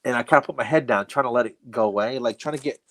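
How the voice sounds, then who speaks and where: Rapid-fire and a little bright, this medium-pitched male voice belongs to a middle-aged comedian guest. He spins a long, self-deprecating story in casual chat, laughing his way through it.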